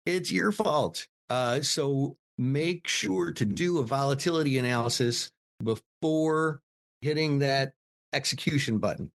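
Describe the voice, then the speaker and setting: A man's voice: medium pitch, measured pace. Matter-of-fact male podcast co-host. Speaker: podcast co-host, options educator. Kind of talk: casual podcast banter.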